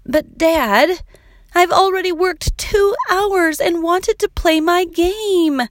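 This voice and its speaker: A woman voicing a sulky, eager young girl in a storybook, raising her voice high. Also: slow, dry recording, studio quality. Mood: whiny.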